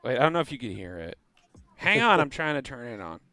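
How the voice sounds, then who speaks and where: A man chatting as a podcast guest, animated and jokey, slipping into quick silly voices. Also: mid-range voice, no room sound. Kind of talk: casual chat.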